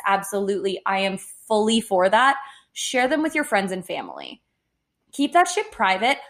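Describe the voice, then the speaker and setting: Blunt, swearing young woman co-host. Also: mid-range voice. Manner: blunt and indignant, swears freely. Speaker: podcast co-host. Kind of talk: casual chat.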